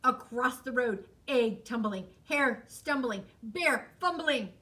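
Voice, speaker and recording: A woman reading her picture book aloud in an expressive, sing-song, teacherly way, with fun facts in between. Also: on the high side, slow pace, distant mic.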